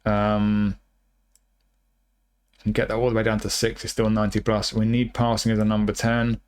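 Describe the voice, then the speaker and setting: Smooth, level-toned man reviewing a game. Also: fairly low pitch, monotone, moderate pace. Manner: thinking aloud, chatty with restarts. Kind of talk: casual gameplay commentary.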